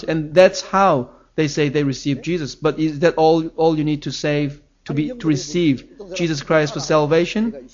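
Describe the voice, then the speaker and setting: A man's voice: a little high, moderate pace, highs cut off. A man preaching a sermon as pastor, earnest and emphatic, his voice rising on key phrases.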